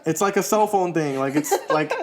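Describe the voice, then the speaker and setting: A man's voice: a little high, brisk, a crowd in the background. A man co-hosting a podcast, telling a long story in casual chat, laughing often and swearing freely. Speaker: podcast co-host.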